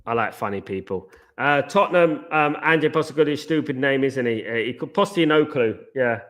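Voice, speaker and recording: Rambling football watchalong host. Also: male voice, medium pitch, expressive, normal speed, fairly bright tone. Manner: rambling, chatty, goes off on tangents. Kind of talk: live football watchalong commentary.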